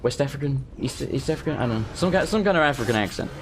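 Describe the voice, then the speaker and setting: Lively English man rambling over gameplay. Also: mid-range voice, racing, a little hiss or hum. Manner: rambling, joking, self-deprecating. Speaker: gaming video host. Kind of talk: let's play commentary.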